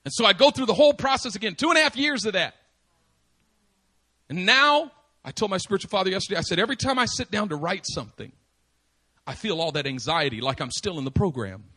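A man preaching a sermon, swinging from quiet asides to loud, insistent emphasis and repeating phrases to drive them home. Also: high-pitched, animated, fast talker, breathy edge. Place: church service.

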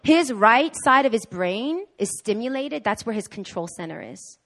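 A woman preaching a sermon at a church service in an animated way, acting out the voices she quotes. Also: a little high, normal speed. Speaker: guest preacher.

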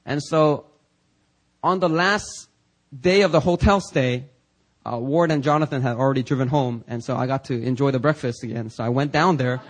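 A man's voice: medium pitch, normal speed. A pastor preaching a sermon in a chatty storytelling way, with many fillers, often laughing at his own story. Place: church.

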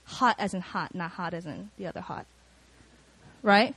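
A woman preaching a sermon, telling personal stories in an animated, conversational way with lots of fillers. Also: fairly low pitch, normal speed, breathy edge.

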